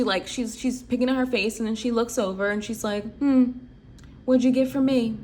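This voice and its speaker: A woman's voice: medium pitch, fairly bright tone, a little hiss or hum. A woman in her late twenties, hosting a channel and telling personal stories in a reflective, conversational way with lots of "like" and "um.". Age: late 20s. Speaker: channel host. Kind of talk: personal storytelling commentary.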